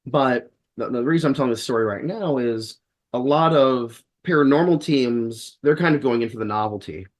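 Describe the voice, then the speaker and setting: A man's voice: mid-range voice, normal speed. A man who is a guest on a podcast, telling a story in a wry, rambling way and acting out the dialogue he quotes. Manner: rambling with frequent restarts. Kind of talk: casual storytelling in conversation.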